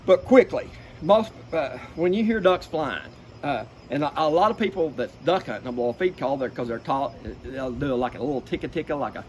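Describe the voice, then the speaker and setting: A middle-aged man talks in a slightly high voice, folksy and lively. He breaks off to imitate duck calls. Clear background noise runs under the recording. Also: normal speed, few pauses. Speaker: duck-calling expert. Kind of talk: casual explanatory chat with vocal demonstrations. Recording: noisy background.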